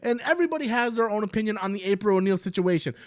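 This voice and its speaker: A man's voice: high-pitched, lively intonation, rapid-fire, dry recording, studio quality. A man giving casual, heated commentary in a rambling style, often stumbling over his words as he restarts sentences. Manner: rambling and heated, with many restarts and quoted impressions. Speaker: commentary YouTuber.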